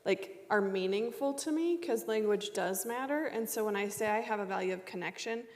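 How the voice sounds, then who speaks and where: A woman's voice: medium pitch, normal speed. A woman coach on a panel, telling stories and acting out her own inner thoughts. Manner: animated, storytelling, acts out her own thoughts. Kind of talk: panel discussion. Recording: reverberant hall.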